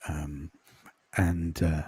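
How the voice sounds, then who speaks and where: A man from the UK, a podcast host and course creator, chatting in a quiet, calming voice with many ums in a casual interview over a video call. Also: rumbling low, extremely slow, breathy edge, no echo. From United Kingdom.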